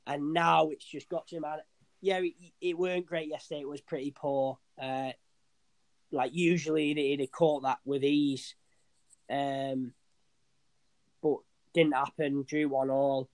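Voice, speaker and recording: A young man, talking fast and loose about football. His voice sits a little high for a man and sounds dry and close, as he rambles, restarts and swears freely. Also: level tone, darkish tone, dry recording. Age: young adult. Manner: rambling, sweary, restarts often, says "mate". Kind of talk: casual football chat.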